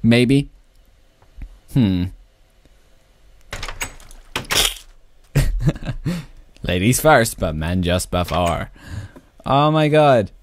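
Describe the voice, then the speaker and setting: A man casually commentating his own Minecraft play, excitable and laughing often. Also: mid-range voice, very slow, long pauses, no room sound. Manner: excitable, laughs often, shrieks when startled. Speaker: Minecraft YouTuber.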